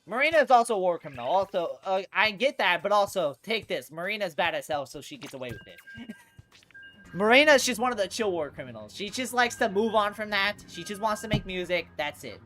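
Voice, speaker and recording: A woman live streaming a video game, chatting casually in slangy, animated speech that leans on "bro" constantly. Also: medium pitch, normal speed, faint music behind. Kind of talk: casual livestream chatter over gameplay.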